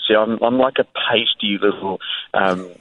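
A man's voice: lowish voice, normal speed. A man calling in to a radio show, talking with many fillers and self-deprecating remarks. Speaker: singer calling in. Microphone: phone line. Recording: tinny dry phone line.

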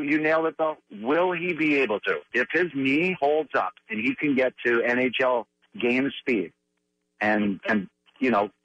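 A man's voice: medium pitch, fairly bright tone, dull audio, slight background noise. A man who works as a hockey broadcaster, speaking earnestly as a radio guest and often repeating words as he thinks. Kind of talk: radio interview.

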